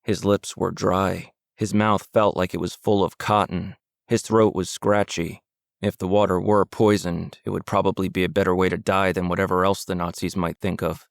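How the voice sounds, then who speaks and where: A male audiobook narrator with a low, gravelly voice reads scripted narration with steady, measured storytelling. The recording is studio quality, with no echo.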